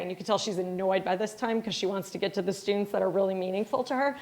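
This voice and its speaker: A woman's voice: medium pitch, racing, few pauses. A middle-aged woman from Wisconsin giving a lecture as a company founder, chatty and self-deprecating, acting out bits of dialogue as she tells stories. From Wisconsin, USA. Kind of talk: storytelling lecture.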